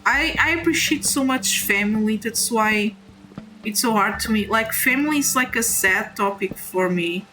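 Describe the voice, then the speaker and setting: Over soft background music and a low-quality recording, a young non-native English speaker streams a game and confides in her viewers. Her voice is on the high side and sharp, and she speaks haltingly and heartfelt, often restarting, apologizing, and reassuring them.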